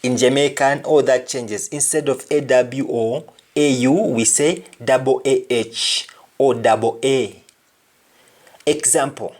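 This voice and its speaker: A male teacher walks through a pronunciation lesson at an unhurried crawl. He says each word carefully and repeats it so the listener can copy the sound. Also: mid-range voice, animated. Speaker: language teacher.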